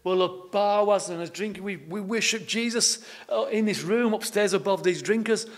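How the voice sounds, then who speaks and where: A high-voiced man preaching a sermon in an easy storytelling manner. He often repeats his words as he goes. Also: moderate pace. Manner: homely, anecdotal, repeats words. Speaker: pastor.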